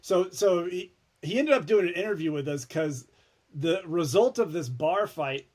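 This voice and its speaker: A former TV news anchor, a man, telling stories as a podcast guest in an animated way, often restarting his words. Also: a little high, moderate pace. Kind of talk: casual storytelling chat.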